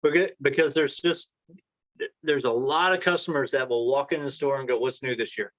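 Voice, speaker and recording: Male interview guest, anecdotal storyteller, everyday pitch, dry muffled recording. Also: fairly even intonation, fairly quick, fairly bright tone, no echo. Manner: rambling anecdotes, acts out quoted dialogue. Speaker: entrepreneur guest. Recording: dry, dull lo-fi sound.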